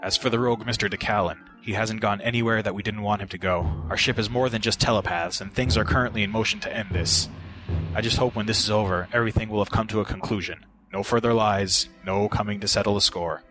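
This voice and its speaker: A man reading the lines of a calm, earnest male starship officer in his own low voice. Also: quick pace, close to an everyday voice. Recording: voice over background music.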